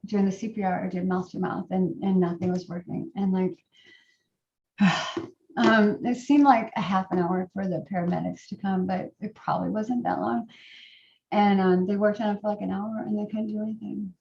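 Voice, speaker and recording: A middle-aged woman telling a personal story to a group, in a halting way with many fillers and restarts. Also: medium pitch, steady tone, creaky, a little mellow, a little hiss or hum. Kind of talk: personal testimony talk. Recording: roomy, distant, dull sound.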